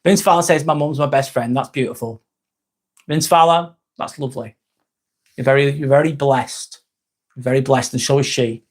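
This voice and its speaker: On a casual live stream, a middle-aged English-accented man rambles candidly and reads viewers' comments aloud. He talks at a moderate pace with a medium pitch and fairly even intonation.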